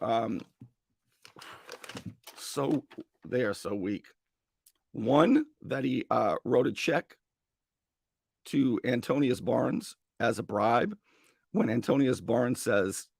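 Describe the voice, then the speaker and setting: A male talk radio host with a strained, gravelly voice, giving an opinionated monologue and acting out mock dialogue. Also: no room sound, studio quality. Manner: animated, acts out mock dialogue with sudden high-pitched bursts. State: strained voice after a long day.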